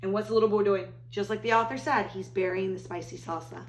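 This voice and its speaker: A woman teacher reading a picture book aloud to children, animated, with gasps and exclamations. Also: medium pitch, fast talker, hardly any pauses. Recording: roomy echo.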